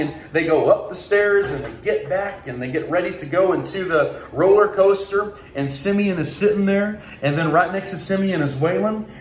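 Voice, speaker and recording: A young man from Oklahoma giving a motivational keynote, energetic and telling a story while acting out the voices in it. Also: high-pitched. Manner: energetic, acts out voices in his stories. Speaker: keynote speaker. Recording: echoey room, faint ambient noise.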